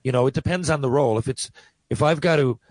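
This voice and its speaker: Man, radio co-host, mid-range voice, chatty and quick, dry studio mic. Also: mid-range voice, a little mellow, no echo, rough recording. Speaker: sports radio co-host and actor. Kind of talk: casual sports talk.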